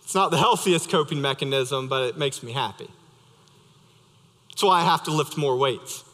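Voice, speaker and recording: Bright-voiced young pastor in a reverberant hall. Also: male voice, mid-range voice, normal speed. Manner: conversational, storytelling with light humor. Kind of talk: sermon. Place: church sanctuary.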